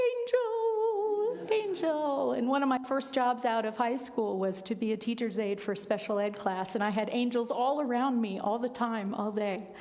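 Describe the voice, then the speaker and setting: A woman minister giving a sermon, telling stories in a conversational way with quiet, emphatic asides. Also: medium pitch, in a large hall. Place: church sanctuary.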